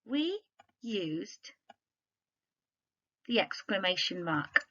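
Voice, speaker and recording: A woman primary teacher talks through a recorded literacy lesson for pupils at home. Her voice is bright and forward, and she speaks clearly and expressively, often stopping to ask the children questions. The sound is dull and lo-fi, as if picked up by a laptop microphone. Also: medium pitch, very animated, drawn-out words.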